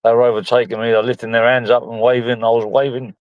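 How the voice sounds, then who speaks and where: A man's voice: medium pitch, little pitch movement, fast, no room sound, narrow, tinny audio. A man from London rambles through casual stories in a group chat, cursing now and then. His voice sits in a middling range. The recording is close and dry, with no room sound. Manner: rambling, profane storytelling.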